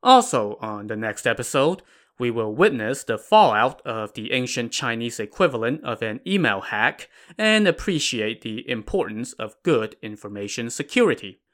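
Man narrating a story podcast, lively pitch, bright voice. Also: normal speed. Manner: animated, playful storytelling. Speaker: podcast host.

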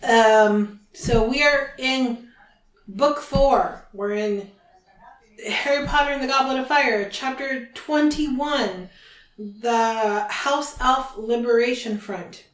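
A woman's voice: a little high, slow, roomy sound, low-quality recording. A woman co-hosting a podcast in casual, teasing chat that is often broken up by laughter. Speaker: podcast co-host.

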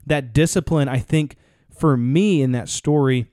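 A man co-hosting a podcast tells a story in a rambling way, often restarting his sentences, as casual podcast talk. His voice is medium-pitched and warm with a measured pace, recorded with clean studio sound and no echo.

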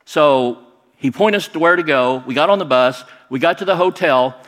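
A middle-aged man telling a personal story in a lively, animated way, acting out other people's lines. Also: a little high, normal speed. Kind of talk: personal story told to an audience. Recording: long hall reverb.

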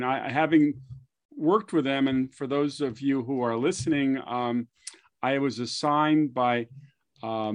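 Male podcast host asking questions. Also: medium pitch. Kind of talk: interview.

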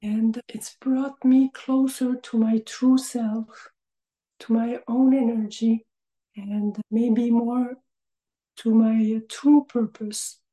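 Slow, soft-spoken woman. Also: fairly high pitch, little pitch movement. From French Canada. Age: 50s. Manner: reflective, trailing into breathy half-whispers. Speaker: podcast guest. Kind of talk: personal recovery story. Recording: echoey room.

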